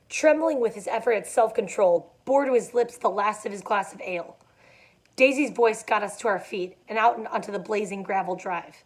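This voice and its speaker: A woman's voice: medium pitch, normal speed. A young adult woman reading a novel aloud, dropping in casual asides with fillers. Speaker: reader.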